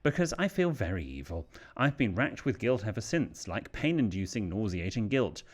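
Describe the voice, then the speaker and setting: Casting note: British male podcast co-host with a lowish, animated voice, reading letters. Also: normal speed. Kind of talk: casual chat and reading letters aloud.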